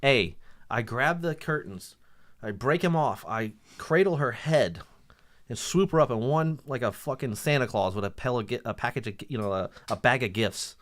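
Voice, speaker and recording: Animated man, crude podcast banter. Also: normal speed. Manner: animated, acts out other people's lines in high voices. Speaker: podcast co-host.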